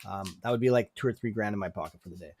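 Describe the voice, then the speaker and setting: This stock trading streamer talks rapid-fire in a lowish, darkish voice, with no room sound. He hosts a casual market livestream in non-native accented English, chatting loosely, tagging lines with "okay?", and bursting out suddenly.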